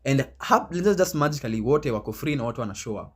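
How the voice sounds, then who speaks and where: A man's voice: medium pitch, lively intonation, breathy edge. A young man with a Kenyan accent, co-hosting a casual podcast chat, explaining his points with everyday examples and humming agreement often. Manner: quick, explains with examples, frequent agreeing hums. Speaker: podcast co-host.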